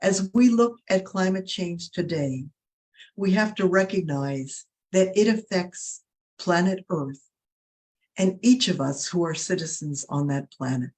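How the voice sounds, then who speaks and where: A woman presenter giving an earnest, preacherly talk on faith, slowing down to stress her points. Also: lowish voice, lively intonation, darkish tone. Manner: earnest, preacherly, slows for emphasis. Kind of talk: faith talk with a told fable.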